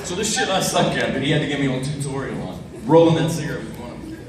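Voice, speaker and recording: Man telling loud profane stories on stage. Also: medium pitch, rapid-fire. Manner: profane, animated anecdotes acting out quotes. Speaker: panel guest. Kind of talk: storytelling at a fan convention panel. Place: large convention hall. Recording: echoey hall from far off, loud crowd and noise.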